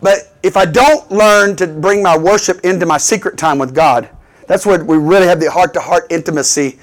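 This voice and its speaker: A man's voice: high voice, normal speed. A man preaching a sermon in call-and-response style, building to emphatic bursts.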